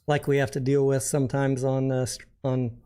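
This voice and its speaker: A man's voice: medium pitch, completely flat delivery, moderate pace, warm tone, smooth. A man hosting a casual livestream, chatting and joking while reading viewer comments aloud. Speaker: livestream host.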